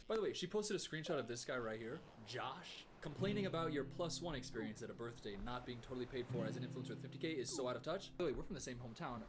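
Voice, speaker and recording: A man's voice: medium pitch, expressive, a little fast, hardly any pauses, a little hiss or hum. A man streaming as he reacts to online videos, talking in a sarcastic, mocking way and mimicking others in a whiny voice. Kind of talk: casual commentary.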